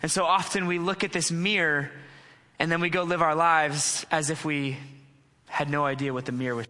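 A man's voice: on the high side, steady tone, normal speed, sharp tone. A young adult man preaching a sermon from a church stage, earnest and conversational, telling stories and poking fun at himself. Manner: conversational, earnest, self-deprecating storytelling. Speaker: pastor. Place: church stage with long reverb. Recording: reverberant hall sound.

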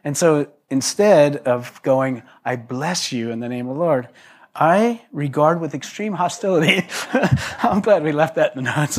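A pastor delivers a loose, conversational sermon to his congregation, throwing in joking asides and restarting often. His voice is a little high and unhurried.

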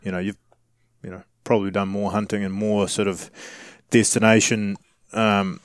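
A man hosting a casual interview, asking relaxed and encouraging questions. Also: lowish voice, normal speed, clean tone, no room sound, clean studio sound. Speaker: podcast host.

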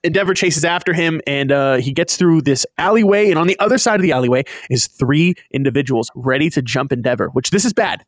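A man co-hosting a casual chat, recapping an anime episode in a lively storytelling way. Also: a little high, a little fast, hardly any pauses, no room sound, clean studio sound. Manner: animated storytelling, acts out characters' lines.

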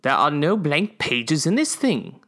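A man voicing a fussy male alien ambassador with slow, deliberate speech. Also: sits high, wildly swooping pitch, a bit bright, voice pushed up, heavily acted. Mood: stern.

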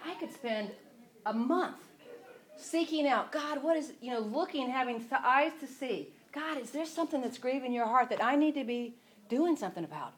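A woman teaching from the Bible in a casual, rambling devotional style. She often breaks off and restarts her sentences. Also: on the high side. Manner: chatty, rambling, self-interrupting.

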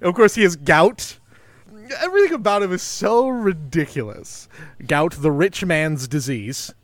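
A man co-hosting a podcast, chatting in an animated, enthusiastic way with lots of fillers. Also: high voice, unhurried. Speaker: podcast co-host. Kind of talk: casual film discussion.

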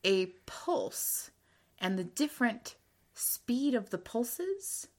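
A woman's voice: fairly high pitch, sing-song, takes it slowly. A woman co-hosting a casual book podcast, explaining things eagerly and laughing often. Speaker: podcast co-host. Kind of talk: casual book-club chat.

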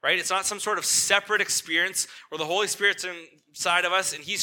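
A man's voice: sits high, steady tone, brisk, few pauses, bright, forceful tone. A man preaching a sermon as lead pastor in a church. He talks conversationally, keeps asking the congregation questions and checking in with "right?", and turns tender and earnest on painful points.

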